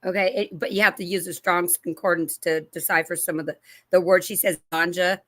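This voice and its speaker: Animated middle-aged woman talking to her channel. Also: lowish voice, brisk, dry recording. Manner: animated storyteller, acting out quoted voices; rambling, with restarts and asides to viewers. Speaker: channel host. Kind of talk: casual religious commentary to camera.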